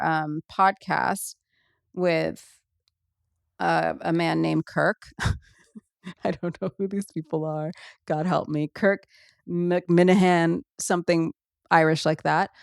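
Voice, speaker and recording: A woman's voice: lowish voice, fairly even intonation, slow pace, creaky, dry recording, studio quality. A woman hosting a solo podcast, chatting casually and rambling with many ums and asides. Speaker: podcast host.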